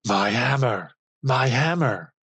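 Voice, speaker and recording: A man voicing a furious, mighty male thunder god who shouts commands in rage. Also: mid-range voice, steady tone, slow, no room sound. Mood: raging.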